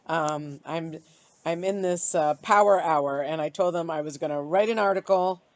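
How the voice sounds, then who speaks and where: A woman vlogging casually to camera, reflecting out loud in a halting, searching way with many pauses and fillers. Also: low voice, no room sound. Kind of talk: casual self-reflective vlog. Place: bright outdoor spot.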